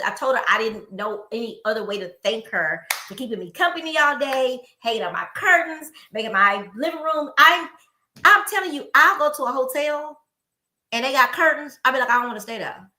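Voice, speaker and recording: In casual chat, a middle-aged woman co-hosting a podcast tells stories animatedly and acts out the people she quotes. Her voice is fairly high and bright, and the room around her sounds echoey.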